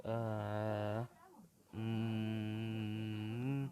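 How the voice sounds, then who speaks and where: A man's voice: on the low side, monotone, drawn-out words, mellow. A man making up a fan story as he goes, rambling with many restarts and ums. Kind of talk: improvised fan-fiction storytelling. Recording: dull lo-fi recording.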